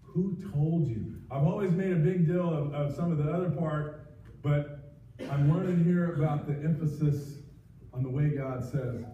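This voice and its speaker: Earnest preacher in an echoey church. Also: male voice, a little high, a little slow, a little hiss or hum. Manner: earnest, pleading, frequent restarts. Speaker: pastor. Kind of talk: sermon. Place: church sanctuary. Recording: distant, echoey, muffled livestream audio.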